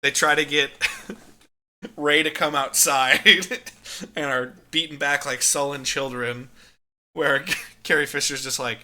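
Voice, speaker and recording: Bright-voiced man laughing through a movie chat. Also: a little high, slow, long pauses. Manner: animated, laughs often, swears freely. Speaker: podcast co-host. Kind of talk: casual movie review chat.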